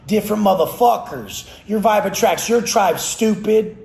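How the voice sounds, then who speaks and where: High, gravelly man ranting with swearing. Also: animated, normal speed, few pauses, darkish tone. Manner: blunt, aggressive, heavy swearing. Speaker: fitness trainer. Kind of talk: profane motivational rant. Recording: roomy echo.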